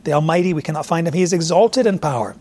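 A man preaching an expository sermon in a conversational way, pausing to search for verse numbers and now and then voicing imagined questions to a listener. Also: fairly high pitch, lively intonation, a little mellow. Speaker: pastor.

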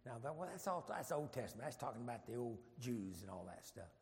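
A man's voice: medium pitch, sing-song, fast talker, big-room sound. A man leading an informal Bible study, folksy and joking, with rambling asides.

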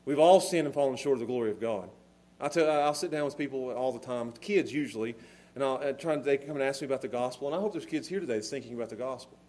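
A man preaching a sermon to a congregation in church, with a repetitive, emphatic cadence, swinging from hushed low tones to shouted emphasis. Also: fast. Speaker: pastor. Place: church service before a congregation.

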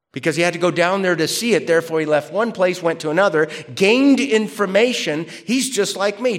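A man giving a conversational theology lecture, reading quotations aloud and questioning them. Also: on the high side. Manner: animated, conversational, reads quotes aloud. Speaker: theology teacher. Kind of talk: classroom lecture.

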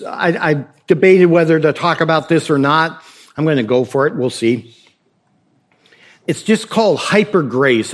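A male pastor preaching a sermon in a conversational way, with rhetorical questions and light humor. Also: on the high side.

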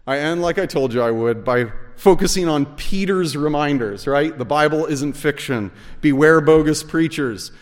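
A man preaching a sermon as pastor, earnest and measured, sometimes rising to shouts to stress a point. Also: on the high side. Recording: long reverb of a large hall.

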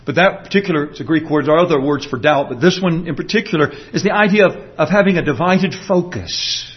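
A man preaching a sermon, explaining a passage earnestly and slowing down to stress his points. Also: on the high side, muffled recording. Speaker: pastor.

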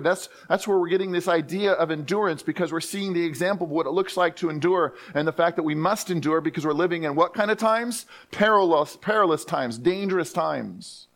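Emphatic pastor preaching a sermon. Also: male voice, on the high side. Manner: emphatic preaching, repeats words and restarts phrases; reads scripture aloud slowly. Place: church.

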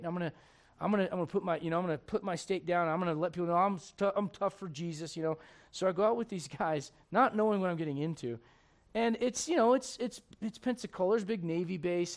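A man, preaching a sermon in a conversational, storytelling way full of rhetorical questions. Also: high-pitched.

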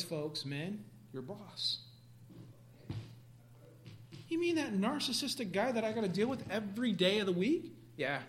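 A man preaching a sermon, animated, swinging from quiet asides to sudden loud outbursts. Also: high-pitched. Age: adult parent.

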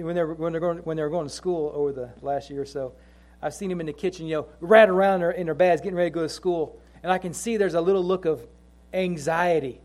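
A middle-aged man preaching a sermon to a congregation, mixing chatty family stories with slow, emphatic repeated lines from scripture. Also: fairly high pitch, a little mellow. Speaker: pastor.

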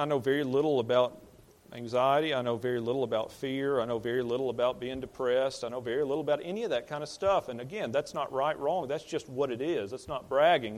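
A man's voice: medium pitch, brisk. A man in the role of pastor, preaching in a conversational way, plain-spoken and often repeating or restarting words as he builds a point. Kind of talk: conversational sermon.

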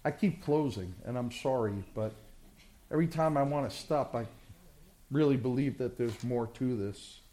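A male pastor preaching a sermon with passion, swinging from loud surges to hushed, drawn-out words. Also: mid-range voice.

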